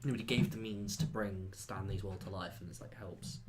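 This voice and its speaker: A man co-hosting a casual film podcast, chatty and quick to swear and laugh out loud. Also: deep voice, fairly even intonation, very noisy. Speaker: podcast co-host.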